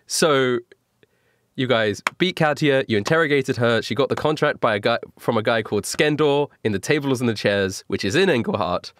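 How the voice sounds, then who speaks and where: A man's voice: mid-range voice, moderate pace, fairly bright tone, no room sound. A man running a tabletop game as game master, recapping events in a casual, laughing way with fillers.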